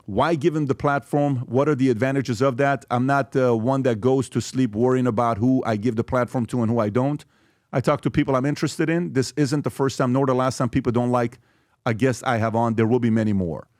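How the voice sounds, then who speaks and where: A man's voice: medium pitch, brisk, dry recording. A man hosting a podcast in a studio, talking casually and acting out quotes he reads aloud. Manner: animated, acts out quotes and reads tweets aloud. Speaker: podcast host.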